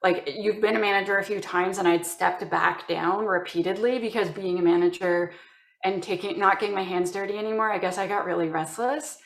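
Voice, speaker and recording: A woman from Canada, a guest chatting casually in an interview and telling stories with lively acted-out quotes. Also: medium pitch, brisk, vocal fry, echoey room. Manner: animated storytelling, acting out quoted voices.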